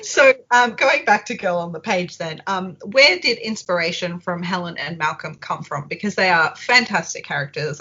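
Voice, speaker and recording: A woman co-hosting a podcast, asking questions in a measured way with many ums. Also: fairly low pitch, pushed and bright. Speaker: podcast co-host. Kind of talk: casual interview questions. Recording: dull lo-fi podcast audio.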